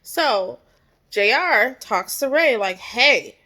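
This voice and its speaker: A woman talks through a TV episode in a loose, chatty way, with lots of "like" and "you know" as she goes. Her pitch sits mid-range for a woman. She sounds like a vlogger telling friends what happened. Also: lively intonation, normal speed, fairly bright tone. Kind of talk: casual TV episode recap.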